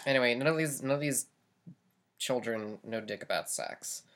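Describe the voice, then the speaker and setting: A woman on a casual podcast chat, blunt and joking, quick to agree. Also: extremely low pitch.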